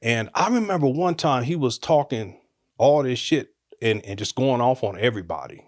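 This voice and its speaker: A middle-aged man casually telling a personal story, animated, laughing often and acting out what people said. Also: mid-range voice, brisk, no echo, clean studio sound. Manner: animated, laughs often, acts out quotes with raised voice.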